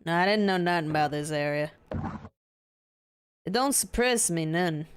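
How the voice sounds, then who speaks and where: A woman voicing a gruff rustic male fisherman in a video game, talking in a folksy dialect full of "eh" and "ye". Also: on the low side, lively intonation, moderate pace, a little hiss or hum, natural voice.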